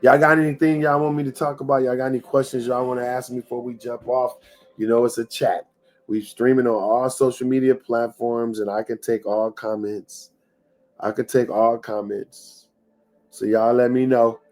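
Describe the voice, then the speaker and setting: A man's voice: medium pitch, level tone, normal speed, darkish tone. Repetitive man hosting a motivational livestream. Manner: preachy and repetitive, talks straight to viewers. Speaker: host of a live-streamed motivational show. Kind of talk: live-stream motivational talk.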